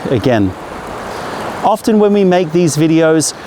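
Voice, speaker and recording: A man's voice: a little high, animated, unhurried, background noise. A man hosting a casual behind-the-scenes tea-trip vlog outdoors in the mountains, chatty and playful, restarting his lines to camera. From England. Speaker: tea company host.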